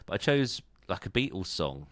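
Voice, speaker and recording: A man's voice: sits low, big pitch swings, moderate pace, fairly bright tone, dry recording. A man hosting a podcast in casual chat, chatty and self-deprecating, laughing easily. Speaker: podcast host.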